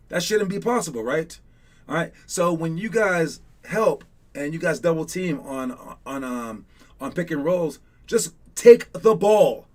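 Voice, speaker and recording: Chatty, teasing man coaching online. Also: on the high side. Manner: chatty and rambling, many fillers and "dude"s; teasing and excitable. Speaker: basketball coach. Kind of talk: casual live online coaching session.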